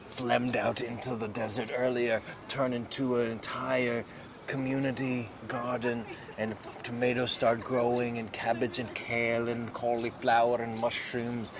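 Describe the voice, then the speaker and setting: A man improvising a rambling, absurd comic story outdoors in a city park. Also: mid-range voice. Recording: outdoor noise with passing traffic.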